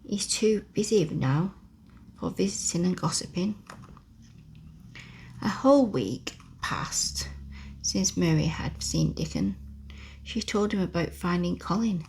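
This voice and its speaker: A woman reading a classic children's book aloud in a slow, soft whispered role-play. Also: fairly low pitch, lively intonation, vocal fry, husky. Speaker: ASMR storyteller.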